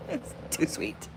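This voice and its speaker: A woman hosting a casual livestream, rambling and cursing freely with frequent laughter. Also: a little hiss or hum. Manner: profane, rambling, laughs a lot. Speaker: livestream host.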